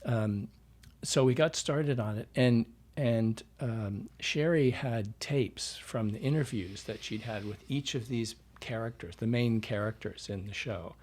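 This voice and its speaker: A man's voice: medium pitch, a little slow, hardly any pauses, a little mellow. Man explaining his craft. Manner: explanatory, checks in with "right?". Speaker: dialect coach guest. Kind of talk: podcast interview.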